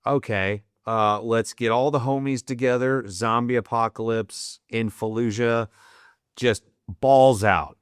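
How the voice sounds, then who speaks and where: A man from the United States, a Marine veteran guest on a podcast, telling a personal story candidly, with heavy swearing, fillers and halting restarts, choked up and teary. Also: mid-range voice, fairly even intonation, clear, resonant tone, no echo, clean studio sound. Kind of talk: emotional storytelling in a podcast interview.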